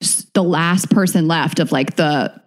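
A woman's voice: low-pitched, unhurried. A woman comedian, a guest on a podcast, telling a story casually and acting out what people said, with lots of "like". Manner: animated, fills talk with "like", acts out quotes.

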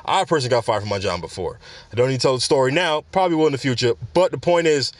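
A young man in the middle of his pitch range talks loosely on his own podcast, rambling and turning to his listeners with questions. The recording is dry and close, with no room sound. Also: lively intonation, very fast, dry recording. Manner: rambling, conversational, addresses listeners directly. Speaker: podcast host. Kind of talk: casual commentary.

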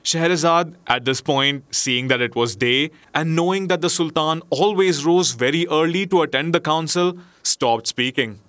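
Bright-voiced man reading a storybook. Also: fairly high pitch, dry recording. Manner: measured, expressive reading. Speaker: narrator. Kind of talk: storybook narration.

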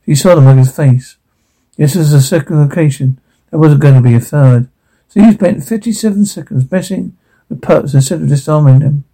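An actor playing a terse adult man in a crime drama, with a gravelly, husky voice and a clipped, matter-of-fact delivery. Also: on the high side, normal speed, mellow, poor audio.

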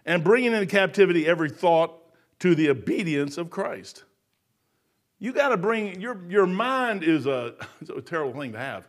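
Older man, preacher, high-pitched, loud bursts between mumbles. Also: sing-song, moderate pace. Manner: storytelling, emphatic, swings from mutter to loud. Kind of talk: folksy sermon.

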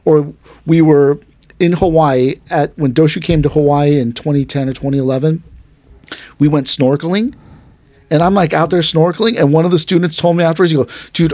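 A man's voice: fairly high pitch, dry recording. A man who teaches at a martial arts dojo, telling stories casually on a podcast and acting out the voices of his teacher and students. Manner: animated, acts out quotes of his teacher and students. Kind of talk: casual storytelling chat.

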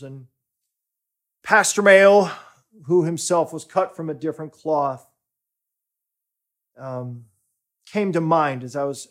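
A male pastor delivers a sermon at an unhurried, deliberate pace. His voice sits a little high for a man, and he builds to emphatic declarations before dropping to soft near-whispers. The whole delivery stays earnest and measured. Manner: slow, deliberate preaching that swells for emphasis and drops to near-whispers.

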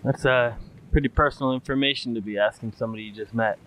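A man's voice: mid-range voice, fairly even intonation, fast talker, fairly bright tone, slight background noise, close to an everyday voice, poor audio. A man voicing a guarded male rat-folk traveler who speaks dryly and warily. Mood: wary. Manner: dry and wary.

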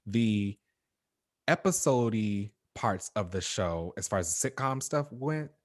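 Guy with a lowish voice chatting about a show, lots of ums and likes, laughs a bunch, dry close mic. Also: lively intonation, unhurried, no echo. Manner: rambling with many fillers and laughs. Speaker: podcast co-host. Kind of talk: casual TV recap chat.

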